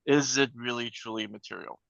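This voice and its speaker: A man speaking as a panel guest, briskly and emphatically, often tagging his points with "right?". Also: medium pitch, gravelly, fairly bright tone, dry recording, highs cut off. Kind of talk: conversational panel discussion.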